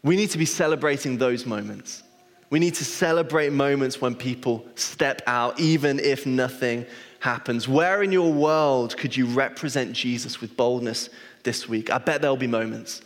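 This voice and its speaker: Pastor preaching in a reverberant hall. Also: male voice, medium pitch, normal speed. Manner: self-deprecating, chatty storytelling with frequent restarts. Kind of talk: sermon. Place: church hall. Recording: long reverb of a church hall.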